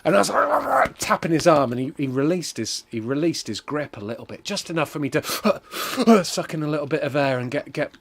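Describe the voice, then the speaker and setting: A man streaming a game, telling a rambling story in a lively, animated way with lots of fillers. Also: a little high, quick pace, vocal fry, few pauses. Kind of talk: casual storytelling while gaming.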